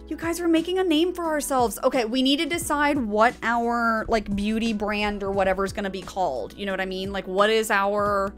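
A woman streamer giving bubbly, chatty commentary while playing a life-sim game, often gasping with excitement and talking to her viewers. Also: on the high side, normal speed, few pauses, soft background music. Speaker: gaming streamer. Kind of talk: casual gameplay commentary.

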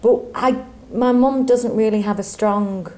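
A woman's voice: fairly high pitch, fairly even intonation, a little slow, dark tone. Bubbly northern English woman. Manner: bubbly, self-mocking. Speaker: musical theatre performer guest. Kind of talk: casual interview chat. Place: theatre.

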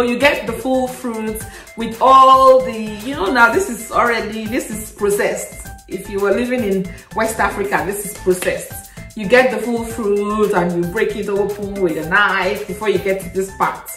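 A woman talks to camera in a relaxed, chatty way, laughing often and bringing her stories to life. Her voice sits fairly high. She sounds a little distant from the mic in an echoey room, with faint music underneath. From Nigeria. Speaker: vlogger. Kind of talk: casual chat to camera.

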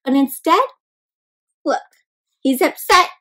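Reading a picture book aloud for children, a woman speaks slowly and expressively in a high, slightly bright voice, asking questions and calling her listeners "my friends" like an encouraging teacher. The recording is rough.

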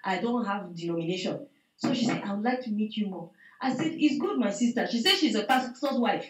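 A woman giving a spoken testimony to a prayer meeting over a video call, telling her story with lively acted-out dialogue. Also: medium pitch, fairly quick, roomy sound, low-quality recording. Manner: animated storytelling, acts out dialogue, repeats "I said". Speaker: church member giving testimony.

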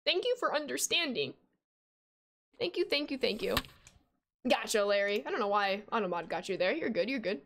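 A young woman in her twenties streaming a baseball video game, chatting with viewers and reacting with sudden excited squeals. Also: on the high side, moderate pace, long pauses, noisy background. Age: 20s. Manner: chatty, reads out and answers chat while playing. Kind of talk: casual game stream chat.

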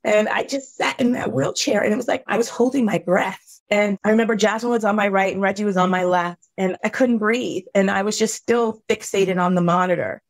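A middle-aged woman, a podcast guest, telling a painful personal story in an earnest, heartfelt way, halting at the hardest moments. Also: mid-range voice, fairly even intonation, no room sound.

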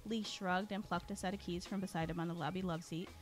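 A woman narrates a story in a lowish voice at a quick pace, giving the characters lively voices and often clearing her throat.

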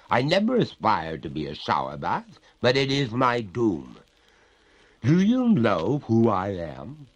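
A man's voice: on the low side, husky, lo-fi sound, heavily acted. A man voicing a gurgling ghost maiden. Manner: slow, stately and reproachful. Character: gurgling, haughty ghost of a drowned young woman. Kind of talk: storybook reading.

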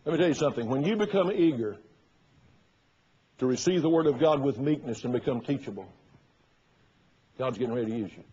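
Husky preacher, lo-fi sermon. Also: male voice, medium pitch, lively intonation, a little fast, pauses often. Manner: storytelling preacher, acting out quoted voices loudly. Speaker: pastor. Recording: dull lo-fi sermon recording.

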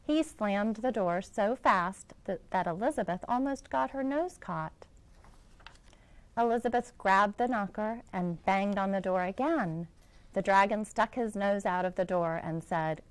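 A woman, a school director, reading a children's picture book aloud in a gentle storytelling manner. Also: mid-range voice, measured pace, smooth, low-quality recording.

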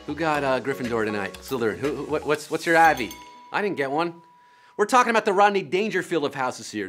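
An energetic man hosts a live trivia show, joking and teasing his players as he moves between questions. His voice is bright and forceful, pitched a little high, with faint music playing underneath. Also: fast. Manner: energetic, jokey and playful. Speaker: game show host.

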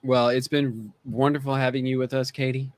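A man's voice: medium pitch, level tone, moderate pace, darkish tone, no echo. A man hosting a casual podcast chat who laughs often while joking. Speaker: podcast host.

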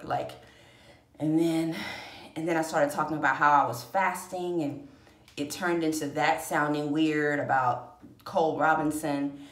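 A woman's voice: deep voice, steady tone, unhurried. A woman vlogger telling a personal story in a casual, rambling, emotional way, acting out the voices she quotes. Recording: echoey room.

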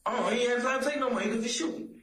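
A man being questioned in a police interview room, talking in casual street slang, halting and repeating words as he goes. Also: very high-pitched, fairly bright tone, roomy sound, poor audio. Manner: casual street slang, keeps checking he is understood.

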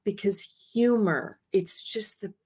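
A woman's voice: medium pitch, takes it slowly, breathy edge. A woman, an interview guest, animatedly telling a personal story and often acting out her own words with light laughter. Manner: animated, expressive, often quoting herself; laughs lightly while speaking. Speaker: interview guest, energy healer.

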